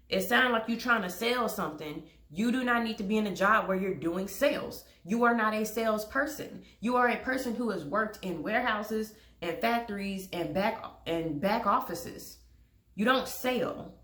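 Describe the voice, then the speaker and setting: A woman's voice: mid-range voice, a bit bright, echoey room. A young woman telling a story to camera in a blunt, exasperated way, swearing freely. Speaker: vlogger.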